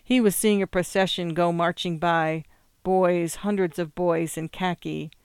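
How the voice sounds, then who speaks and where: Smooth, measured audiobook narrator. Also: medium pitch, steady tone, no room sound, studio quality. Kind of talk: audiobook reading.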